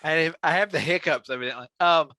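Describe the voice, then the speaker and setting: A man's voice: on the high side, fast talker, bright, forceful tone, no room sound. A man co-hosting a podcast, musing and rambling in casual chat. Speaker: podcast co-host.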